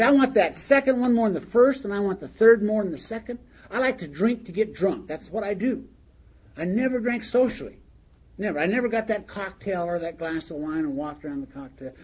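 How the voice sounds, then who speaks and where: A man's voice: on the high side, slightly rough. An older man sharing a humorous story of his own at a recovery meeting, in a folksy manner and laughing along with his own words. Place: meeting hall. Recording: dull lo-fi recording with faint hiss.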